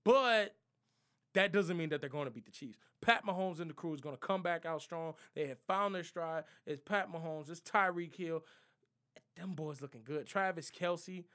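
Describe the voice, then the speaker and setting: Young guy, high-pitched, slangy NFL picks vlogger, playful trash talk. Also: normal speed, fairly bright tone. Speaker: sports prediction vlogger. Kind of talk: casual NFL picks monologue.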